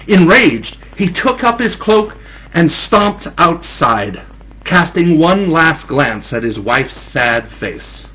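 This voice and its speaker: A man's voice: a little high, very animated, takes it slowly, pushed and bright, slightly rough, rough recording. A man telling a spooky Halloween story in a teasing, theatrical manner, addressing his listeners as kiddies.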